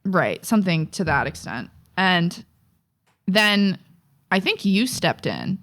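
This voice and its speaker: Young woman, lower register, casual podcast co-host, loose and profane storytelling. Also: sing-song, slow, fairly bright tone. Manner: rambling, profane, filler-heavy storytelling.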